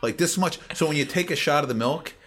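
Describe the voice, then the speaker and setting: A man's voice: a little high, fast talker, music in the background. A man co-hosting a podcast, telling joking stories in casual chat. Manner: joking, storytelling banter. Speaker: podcast co-host.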